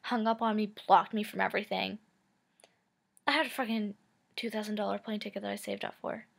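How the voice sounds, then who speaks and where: A woman's voice: medium pitch, fairly even intonation, a little fast, creaky. A woman in her twenties telling a personal story to camera in a casual, chatty way, full of "like" and "um" and frank swearing. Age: 20s. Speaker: vlogger.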